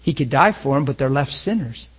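A man preaching a sermon, emotional, swinging between loud and hushed. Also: mid-range voice, lively intonation, a little fast, slightly rough, lo-fi sound.

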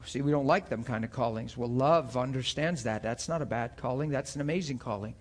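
A man preaching a sermon with deep feeling, acting out scripture scenes with voices and often laughing. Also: fairly quick. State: near tears at times.

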